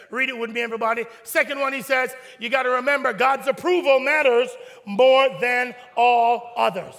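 A man's voice: very high voice, vocal fry, bright, forceful tone. A man preaching a sermon as pastor, leading the congregation through a prayer line by line. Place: church sanctuary. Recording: long hall reverb with faint music behind.

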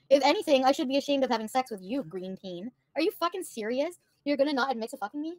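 A woman's voice: high voice, lively intonation, quick pace, hardly any pauses, a little mellow, no room sound. A woman livestreaming, bluntly and profanely venting to her chat. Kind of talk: casual livestream rant to chat.

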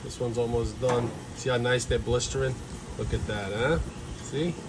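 In this casual cooking demonstration, a man with a middle-range voice guides viewers through a recipe at a moderate pace and with fairly even intonation, sprinkling in fillers and small asides. He starts in the kitchen and ends up at a backyard grill. The camera's own mic picks him up outdoors, with clear background noise.

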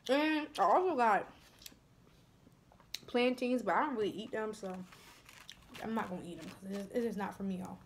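Young woman vlogger, casual chatty delivery with soft near-whispered asides, over a faint noise floor. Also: medium pitch, moderate pace, pauses often. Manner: chatty, addresses viewers as y'all, drops to soft near-whispers. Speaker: mukbang vlogger. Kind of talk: casual chat while eating.

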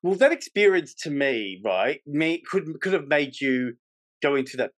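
A man hosting a podcast, asking probing questions in a lively, filler-heavy conversational way. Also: on the high side, normal speed, no room sound, clean studio sound. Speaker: podcast host. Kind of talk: interview conversation.

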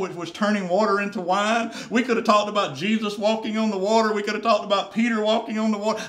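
A man's voice: high voice, a bit bright. A man preaching a sermon as pastor, earnest and repeating phrases for emphasis. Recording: roomy church echo.

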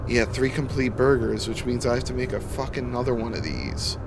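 A young man streaming a horror cooking game live, grumbling and swearing constantly, with sudden bursts of shouting. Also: mid-range voice, animated, brisk, noisy background. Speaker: gaming streamer. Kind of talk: live gameplay commentary.

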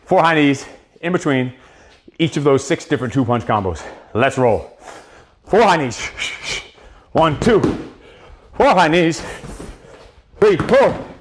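A man's voice: on the high side, expressive, slow, pauses often. A man coaching a live boxing cardio workout, counting reps and giving profane pep talks.

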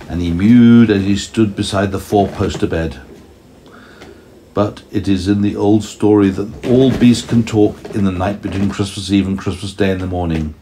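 Low-voiced dad reading a bedtime story. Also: male voice, a little hiss or hum. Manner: gentle, reads aloud and asks his child questions. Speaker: parent telling a story to a toddler. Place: home.

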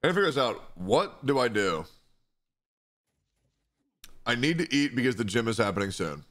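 A man's voice: mid-range voice, big pitch swings, normal speed, a bit bright. A young man talking casually on a live stream, reading chat questions aloud and answering them with frequent swearing. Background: music playing.

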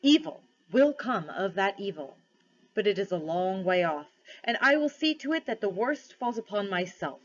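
Lady reading a big grave lion guy, slow n solemn, dull recording. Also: mid-range voice, big pitch swings. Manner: slow, solemn, measured delivery. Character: majestic male lion, grave and commanding.

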